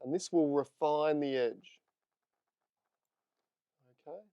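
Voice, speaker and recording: A man's voice: fairly high pitch, takes it slowly, vocal fry, clean tone, no echo, lo-fi sound. A man teaching photo editing in a live screen-share tutorial, chatting with viewers as he works. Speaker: photography instructor.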